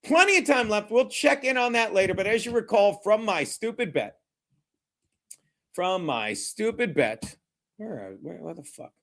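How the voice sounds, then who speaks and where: A man's voice: high-pitched, sing-song, fairly quick, hardly any pauses, fairly bright tone. A man hosting a live football watchalong stream, reading chat and calling plays in a brash, mocking, rambling way with heavy swearing. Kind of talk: profane live sports watchalong commentary.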